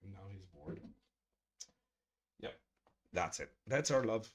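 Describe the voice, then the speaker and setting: A middle-aged man hosting a casual live stream, chatting with viewers in a joking, profane way and murmuring softly to his cat. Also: lowish voice, lively intonation, slow, husky. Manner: profane, joking, addresses chat directly; drops to soft murmurs talking to his cat. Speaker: streamer hosting a creator hangout.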